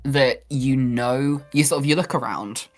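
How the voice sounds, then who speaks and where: A woman's voice: extremely low pitch, unhurried. Chatty woman on a podcast, self-deprecating, does little quote voices, faint music behind. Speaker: podcast guest. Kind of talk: casual chat.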